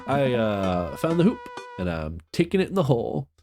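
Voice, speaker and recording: Guy reading a dating game out loud, goofy voices, mid pitch, game music playing under him. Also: big pitch swings, normal speed. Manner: joking, reads dialogue in playful voices. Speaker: game streamer.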